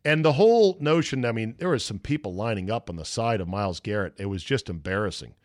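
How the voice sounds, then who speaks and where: A man's voice: on the low side, expressive, fast talker, darkish tone, no room sound, clean studio sound. A middle-aged man hosting a podcast, ranting bluntly with sarcasm and profanity. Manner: blunt, profane, sarcastic, mocking voices in quotes. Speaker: podcast host. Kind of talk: opinionated sports talk monologue.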